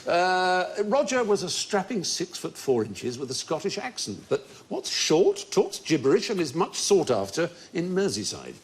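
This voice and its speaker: A man's voice: high-pitched, huge pitch swings, moderate pace, few pauses. Erudite older man hosting a quiz show. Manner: erudite, storytelling, laughs often. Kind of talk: witty panel show hosting. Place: TV studio before a live audience. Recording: studio audience and faint noise.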